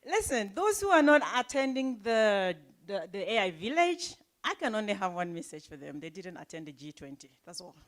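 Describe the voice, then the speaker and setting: A woman's voice: mid-range voice, sing-song, moderate pace, hardly any pauses. A woman from Cameroon whose accent carries South African influence, hosting a live event in a chatty, playful way with frequent laughter.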